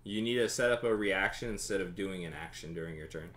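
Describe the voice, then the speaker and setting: A man's voice: deep voice, fast, a bit bright, slight background noise. A man running a tabletop game as game master, narrating combat vividly and explaining rules.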